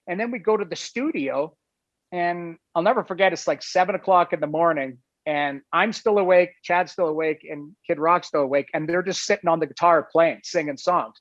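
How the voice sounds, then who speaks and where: A man with a high-pitched voice rambles through a casual story and keeps filling his sentences with "like" and "you know". The sound is dry and dull, with no room around it, like a lo-fi recording. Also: moderate pace, no room sound. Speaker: guest telling a story.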